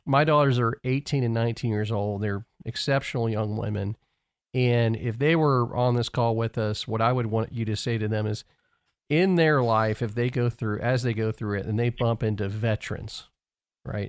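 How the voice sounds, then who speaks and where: A man's voice: mid-range voice, no room sound, clean studio sound. A man in his forties hosting an interview, asking questions and affirming his guest with murmured acknowledgments. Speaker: podcast host.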